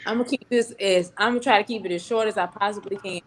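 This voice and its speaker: A woman telling a story about a bad date, lively and casual. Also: mid-range voice, quick pace. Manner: animated storytelling with acted quotes. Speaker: panel guest.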